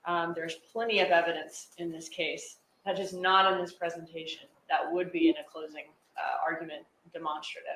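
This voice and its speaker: A man responding briefly as a prosecutor in a courtroom, brisk and matter-of-fact. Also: a little high, level tone, bright, forceful tone. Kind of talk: courtroom argument. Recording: echoey courtroom audio with faint noise.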